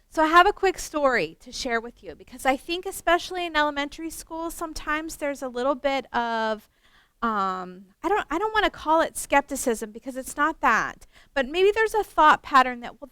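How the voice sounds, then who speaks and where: A middle-aged woman from West Virginia, a teacher trainer telling a story at a workshop, animated with self-mocking humor. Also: sits high, normal speed, no room sound.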